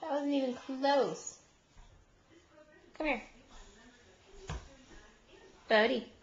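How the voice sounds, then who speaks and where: A woman's voice: high voice, very slow. A mother in a casual home video, playfully teasing and coaxing her toddler with sing-song questions. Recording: dull lo-fi home video recording.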